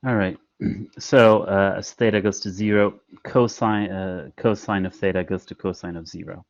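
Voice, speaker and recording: Deep-voiced man teaching online. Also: fairly even intonation, normal speed, no room sound, highs cut off. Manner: patient, step-by-step explaining with frequent fillers. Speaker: math instructor. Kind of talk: online lecture.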